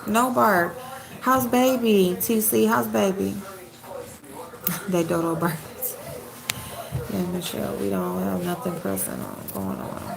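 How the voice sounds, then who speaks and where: Woman host chatting live to her viewers, blunt and talkative, with some gravel in her voice. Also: medium pitch, fairly even intonation, measured pace, long pauses, crowd noise, low-quality recording. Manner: talks straight to the chat, blunt and chatty. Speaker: livestream host. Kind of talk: casual live-stream chat with viewers.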